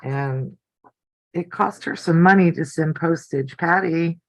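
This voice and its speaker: Chatty older woman, slow and close. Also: deep voice, dry recording, low-quality recording. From United States. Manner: chatty, rambling, easily delighted. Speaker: quilting channel host. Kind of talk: casual live-stream chat. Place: home craft room.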